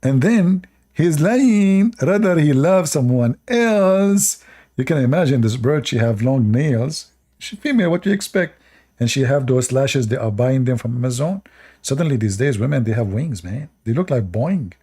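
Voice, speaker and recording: A man's voice: mid-range voice, expressive, a little fast, mellow, breathy edge. A man giving sarcastic commentary while reading religious stories aloud, often laughing at them. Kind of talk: mocking commentary on religious texts.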